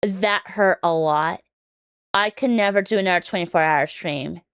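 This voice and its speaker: A woman's voice: fairly low pitch, moderate pace, a bit bright, smooth, no room sound, studio quality. A woman streamer chatting casually on a reaction stream, rambling and joking, swearing now and then, with a scratchy throat.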